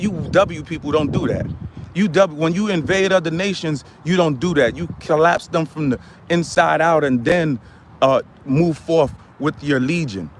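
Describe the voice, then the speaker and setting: A man doing a loud, boastful ranting guy. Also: fairly high pitch, a little hiss or hum, lightly acted. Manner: ranting, repetitive, swinging from mutters to yells.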